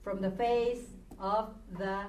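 Slow, patient woman teaching in an echoey classroom. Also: medium pitch, steady tone, darkish tone, a little hiss or hum. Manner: patient, repeats words slowly for students. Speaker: Hebrew teacher. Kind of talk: classroom grammar lesson. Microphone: recorded from a distance. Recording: echoey room, distant mic, faint ambience.

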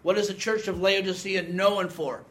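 A man's voice: high-pitched, fairly even intonation, normal speed, a bit bright. A man in his sixties giving a conversational Bible teaching, quizzing the class and reading scripture with emphasis. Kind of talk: teaching sermon with audience questions.

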